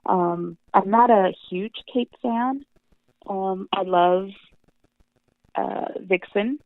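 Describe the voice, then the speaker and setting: A woman comic book writer chatting as an interview guest, animated and swearing freely, laughing often, heard over a tinny phone line. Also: medium pitch, very slow, dry recording. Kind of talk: casual interview chat.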